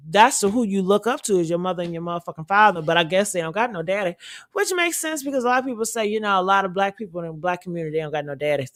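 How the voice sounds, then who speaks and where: A woman's voice: mid-range voice, fairly bright tone. A woman hosting a celebrity gossip show, ranting bluntly and heatedly with lots of profanity. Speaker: commentary podcast host. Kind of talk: casual celebrity gossip commentary.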